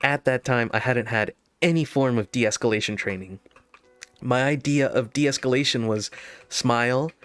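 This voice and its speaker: A man's voice: medium pitch, moderate pace, a bit bright, no echo, soft background music. A man telling a casual story over gameplay, laughing often and restarting his sentences.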